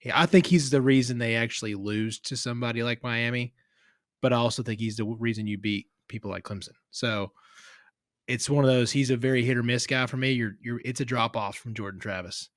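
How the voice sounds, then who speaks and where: A man's voice: medium pitch, fairly even intonation, a little fast, fairly bright tone, dry recording, studio quality. Enthusiastic male sports co-host. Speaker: podcast co-host. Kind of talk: casual sports chat.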